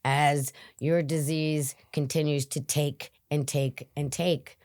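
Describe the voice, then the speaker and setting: Female interview guest, low and slow, earnest, dry close sound. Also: flat delivery, darkish tone, no echo. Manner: earnest and reflective, dropping to whispers. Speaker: guest in recovery. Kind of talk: interview conversation.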